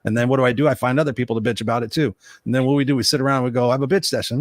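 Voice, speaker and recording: A man speaking as a guest coach in relaxed interview chat. He talks quickly and bluntly, pushing tough love and ownership. The sound is dry and close. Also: medium pitch, no room sound.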